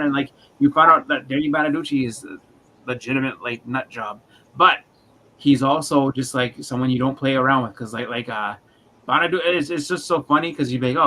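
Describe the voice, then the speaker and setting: A man's voice: medium pitch, a little fast, pushed and bright, rough recording. A man chatting casually on a livestream, telling rambling stories and acting out quotes in funny voices. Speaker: livestream co-host. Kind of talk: casual chat.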